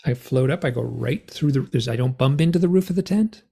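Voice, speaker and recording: A man telling his story in a rambling, animated way, full of fillers, as a guest on an interview show. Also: mid-range voice, fairly quick, creaky, slightly rough. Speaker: guest author and experiencer. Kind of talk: conversational storytelling.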